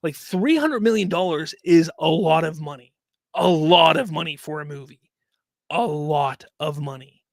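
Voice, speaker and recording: A man hosting a casual solo commentary show, talking in an animated, rambling way and repeating himself. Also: fairly high pitch, unhurried, no echo, studio quality. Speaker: host.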